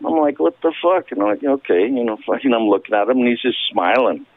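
A man's voice: medium pitch, fast talker, crowd noise. A man who drummed in a punk band, rambling through a story with lots of swearing and laughter, heard over a phone call. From Canada. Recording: dry tinny phone line.

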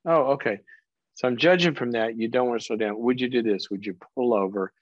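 A man's voice: medium pitch, a little fast, dry recording, dull audio. A middle-aged man hosting a call-in advice show, playful and emphatic, teasing the caller to make his point. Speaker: call-in show host, counselor.

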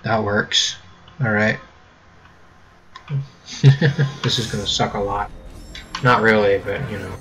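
A man's voice: on the low side, steady tone, takes it slowly, pauses often, pushed and bright, soft background music, low-quality recording. A young American man casually commenting on his gameplay, joking and rambling, with a faint hum behind him. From United States. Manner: joking, rambling, mock-British catchphrases. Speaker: gameplay video host. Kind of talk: casual let's-play commentary.

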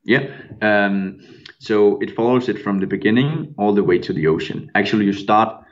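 A man with a Norwegian accent, a podcast guest, speaking English hesitantly with many pauses. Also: fairly low pitch, dull audio. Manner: hesitant, many ums and uhs.

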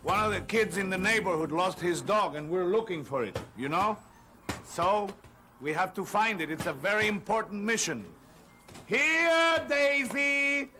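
A man's voice: sits high, animated, moderate pace, sharp tone, soft background music. A man from Rico, presenting a children's TV show in an upbeat, explaining way. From Puerto Rico. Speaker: host.

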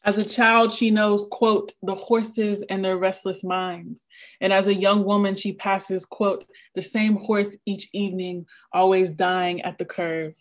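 Over a video call, a woman poet reads a prepared craft lecture in a measured, rhythmic cadence, sounding a little nervous. Her voice is mid-range and level in tone.

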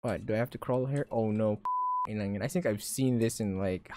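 A young Filipino woman with a hoarse voice, loudly reacting and swearing as she plays a horror game live, mixing Tagalog into her English. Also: extremely low pitch, moderate pace, slight background noise. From Philippines. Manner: loud, jumpy, swears often, mixes Tagalog into English. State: hoarse from shouting. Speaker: streamer.

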